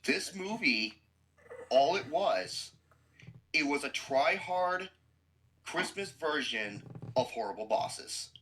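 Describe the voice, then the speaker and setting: A man's voice: on the high side, expressive, takes it slowly, pauses often, fairly bright tone, rough recording. A man hosting a podcast who gives a blunt, profane movie review with explosive outbursts.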